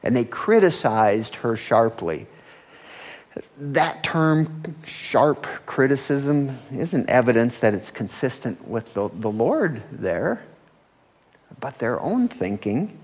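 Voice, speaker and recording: Male pastor, conversational sermon delivery, frequent "right?" asides, mid-range voice that lifts when animated. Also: takes it slowly, husky. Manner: conversational, often asks "right?" and rises in pitch when animated.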